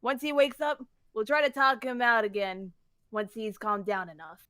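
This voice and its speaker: A woman reading the lines of a female bird lieutenant in a fanfiction reading, gentle and reassuring. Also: on the high side, moderate pace, clean tone, dry recording.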